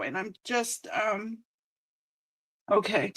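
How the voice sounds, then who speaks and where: Woman, card reader, live reading, tearful, choked up, slightly high voice, halting delivery. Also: a bit bright. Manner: emotional, reading aloud with frequent pauses. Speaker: intuitive card reader and host.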